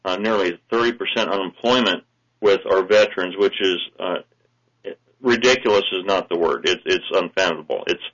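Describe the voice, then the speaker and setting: A man's voice: low-pitched, normal speed, a bit bright, lo-fi sound. A man who is a state representative, speaking as a guest on a radio talk show, earnest and hesitant with many fillers. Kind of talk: phone-in radio interview.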